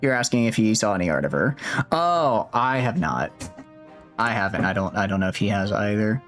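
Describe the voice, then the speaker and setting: A man's voice: fairly low pitch, animated, moderate pace, a bit bright, soft background music. A man streaming a strategy game, chatting casually with his viewers, rambling with many restarts and fillers. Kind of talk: casual live-stream chat while gaming.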